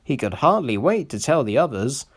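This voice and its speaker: A man narrating a children's storybook in an expressive storytelling manner. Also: mid-range voice, normal speed. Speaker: reader.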